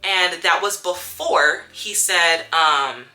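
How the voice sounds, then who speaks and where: A young woman recounting a confrontation at work in a vlog, telling it with animated storytelling and acting out the quotes. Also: on the low side, slow. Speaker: vlogger. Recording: soft music underneath.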